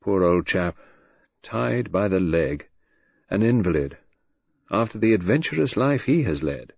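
A grave, gentle husband, read by a man in a near-natural voice, mild and a little dreamy. The voice sits low with a husky edge. The recording is dry and slightly muffled. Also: lively intonation, measured pace, dry recording, heavily acted. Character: grave, gentle, dutiful middle-aged son.

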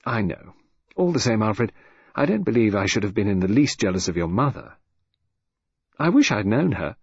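A man voicing a restless, sharp-tongued middle-aged wife who speaks quickly and with a pointed, ironic edge. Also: lowish voice, sing-song, gravelly, slightly rough, no echo, full character voice. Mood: musing. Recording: dull, dry lo-fi recording.

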